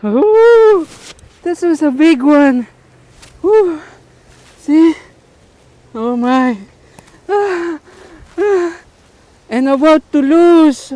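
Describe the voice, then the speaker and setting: Excitable high-voiced man shouting while fishing. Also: very slow, pauses often, dry recording. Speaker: fishing vlogger. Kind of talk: live fishing commentary.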